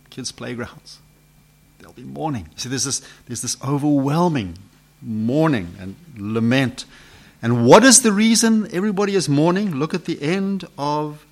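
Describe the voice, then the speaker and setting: A man preaching an expository sermon, posing rhetorical questions to his listeners and swinging from loud emphasis to hushed questions. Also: mid-range voice.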